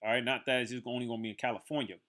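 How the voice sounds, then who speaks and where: A man's voice: mid-range voice, steady tone, very fast, fairly bright tone. A man teaching from the Bible in a loose, conversational way, full of fillers and restarts.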